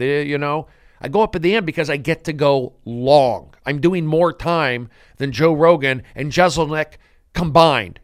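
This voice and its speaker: A man's voice: a little high, normal speed, no room sound, clean studio sound. A man hosting a comedic podcast monologue, telling stories in a rambling, mock-grandiose way.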